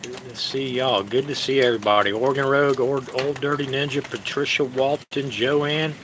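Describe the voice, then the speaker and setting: A man hosts a live cooking stream, chatting casually with viewers in a halting, easygoing manner full of fillers. His medium-pitched voice stays steady in tone, with noise in the background.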